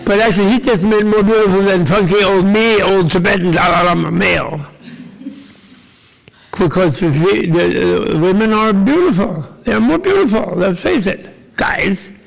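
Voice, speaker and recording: A man's voice: sits high, normal speed, vocal fry, poor audio. An older man giving a casual, joking Buddhist teaching to a live audience, rambling with asides to the listeners.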